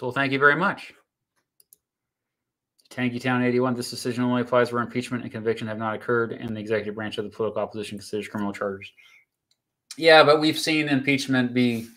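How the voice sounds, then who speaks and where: Reading out live chat comments on YouTube, a man chattily breaks down court rulings, leaning on plenty of fillers and restarting his sentences. He speaks at a medium pitch with a slightly bright sound.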